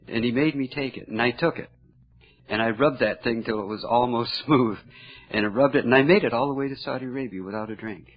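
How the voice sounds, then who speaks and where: An older man speaking earnestly at a recovery meeting, telling a personal story in a halting, heartfelt way. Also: mid-range voice. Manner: earnest, halting, emotional at moments. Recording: dull lo-fi recording.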